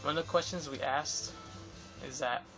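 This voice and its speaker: With music playing behind him, a young Los Angeles-area vlogger rambles about an interview he did with photographers, stumbling through fillers and restarts. His voice is a little high, steady in tone, and normal in speed. The audio is poor.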